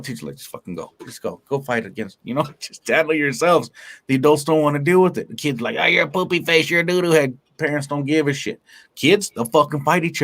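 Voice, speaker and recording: This guest, a stand-up comedian with a fairly high-pitched voice, chats loosely in an interview. He's brash and foul-mouthed, full of energy, and laughs frequently.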